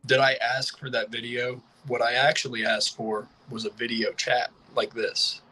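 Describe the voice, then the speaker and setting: Young male guest, plain-spoken and casual, bright and forceful tone. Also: medium pitch, level tone, moderate pace, breathy edge, poor audio. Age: young adult. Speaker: interview guest. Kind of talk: casual interview talk.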